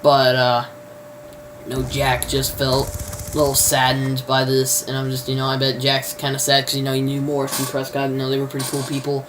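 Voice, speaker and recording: A man's voice: mid-range voice, completely flat delivery, fairly quick, background noise. A man reviewing a TV show in a loose spoken recap, rambling and leaning constantly on "you know" fillers. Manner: informal, mild swearing substitutes.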